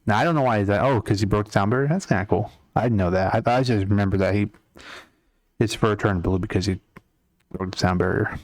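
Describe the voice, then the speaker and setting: A man's voice: fairly low pitch, fast, no room sound, studio quality. A young man casually chatting with his chat while drawing on a live stream, rambling and answering comments as he works. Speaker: art streamer.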